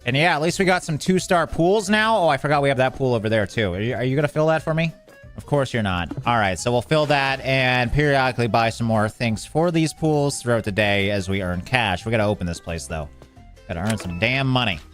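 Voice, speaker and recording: Man, gameplay commentary, mid-pitched voice, faint music behind, chatty and easily flustered. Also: lively intonation, fairly quick, fairly bright tone. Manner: talks to game characters, swears mildly, gets flustered.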